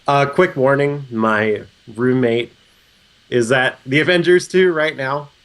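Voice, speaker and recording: A man co-hosting a casual podcast while recovering from a cold, relaxed and wry, speaking into a sensitive microphone. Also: medium pitch, takes it slowly. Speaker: podcast co-host.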